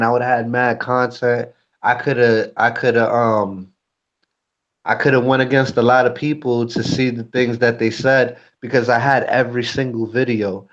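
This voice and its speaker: A man with a mid-range voice talks frankly in a casual chat, speaking as a YouTuber and co-host. He's blunt and curses freely. The audio sounds dull.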